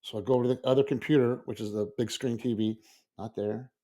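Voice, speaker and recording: A man in casual podcast chat, a school librarian telling an animated story and acting out his own reactions. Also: mid-range voice, fast.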